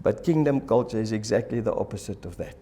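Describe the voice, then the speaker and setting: A man preaching a sermon in church, animated and acting out the voices of the people in his stories. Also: on the low side, fast. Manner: animated, acts out quoted voices. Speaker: pastor.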